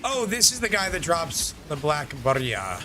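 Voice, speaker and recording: A man's voice: a little high, wildly swooping pitch, moderate pace, bright, forceful tone, a little hiss or hum. A male streamer chatting casually while gaming, swearing freely and making mock outbursts at his chat.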